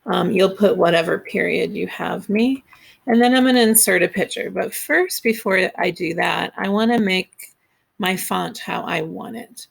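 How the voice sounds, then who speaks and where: A woman's voice: on the low side, normal speed, vocal fry, slightly rough. A woman teacher walking her students step by step through a class project in a screen-recorded tutorial, patient and instructive.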